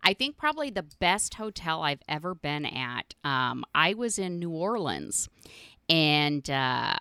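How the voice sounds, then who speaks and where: A middle-aged woman hosts her own podcast, telling casual stories in a blunt and profane way, often breaking into laughter. Her voice sits on the lower side yet sounds bright, and her pitch swings widely. The recording is dry and close. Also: big pitch swings, unhurried, clean tone, no room sound. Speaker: podcast host. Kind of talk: casual storytelling monologue.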